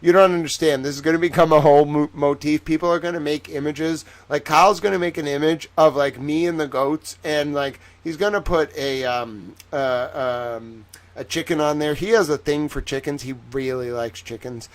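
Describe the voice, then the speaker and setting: A man's voice: on the high side, fairly even intonation, normal speed. A tired young man hosting a late-night live stream, rambling playfully and chatting with viewers by name.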